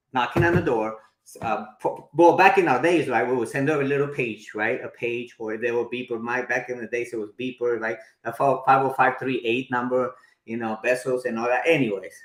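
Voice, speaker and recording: A man's voice: mid-range voice, normal speed, reverberant. A man in his forties teaching a live workshop, chatty, often checking in with his listeners. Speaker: marketing instructor.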